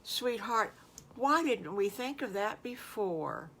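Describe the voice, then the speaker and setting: A woman's voice: mid-range voice, animated, takes it slowly, a bit bright, heavily acted. An older woman doing a doting farm wife. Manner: sweet, endearment-laden.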